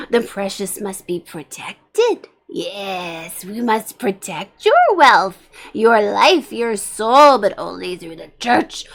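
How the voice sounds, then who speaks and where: A woman voicing a scheming male Gollum-like bishop, who preaches a sermon in a drawn-out, hissing, wheedling way. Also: fairly high pitch. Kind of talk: fire-and-brimstone sermon role-play.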